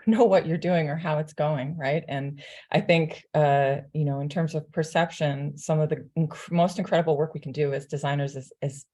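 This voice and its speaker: Brief: woman panelist, deep and mellow voice, thoughtful and halting, over a video call. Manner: halting, searching for words, frequent "you know". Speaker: designer on a panel. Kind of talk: reflective panel discussion.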